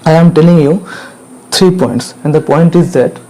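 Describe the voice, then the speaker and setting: A man with an Indian English accent teaching English grammar, repeating each point and asking "clear?" to check understanding. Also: fairly high pitch, moderate pace, warm tone, low-quality recording. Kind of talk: slow classroom explanation.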